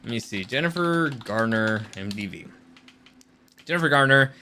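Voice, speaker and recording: A man's voice: mid-range voice, lively intonation, normal speed, bright, forceful tone, a little hiss or hum. A man hosting a channel and speaking as a screenwriter, giving casual rant-style commentary in a rambling, blunt way with free swearing.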